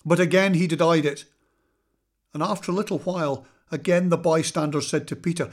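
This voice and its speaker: A man reading scripture aloud in a measured, solemn way, slowing for weight. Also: fairly high pitch. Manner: measured, solemn reading with slow dramatic pauses. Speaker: scripture reader.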